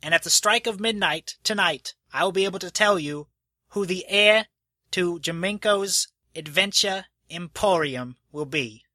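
A man's voice: high-pitched, a little slow, bright, forceful tone, dry recording, voice pushed up, exaggerated voice. A man doing a stammering, fussy will-reader. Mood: nervous, announcing. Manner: stammering, anxious, pompous. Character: nervous fussy male estate official reading a will.

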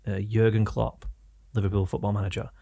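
A man's voice: lowish voice, flat delivery, a little fast, creaky, mellow. A young man with an Oldham accent, co-hosting a podcast and telling rambling anecdotes in casual chat. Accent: Oldham, northern English. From England. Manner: rambling anecdotes, self-correcting. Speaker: podcast co-host.

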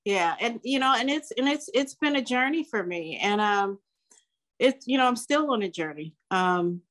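A woman in her sixties, a guest in a casual interview, speaking reflectively with many restarts and pauses. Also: a little high, lively intonation, fairly bright tone. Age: 60s.

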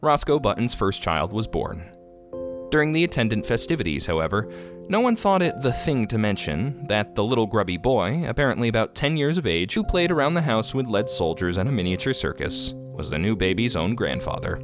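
A man narrating a classic short story as a podcast reader, expressive and measured. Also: fairly low pitch. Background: guitar music.

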